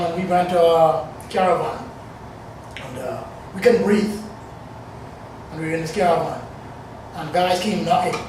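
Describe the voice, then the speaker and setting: A man's voice: sits high, noisy background. A man in his forties from the Bahamas telling a personal story to an audience in a loose, rambling way with many fillers. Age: 40s. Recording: echoey room, distant mic.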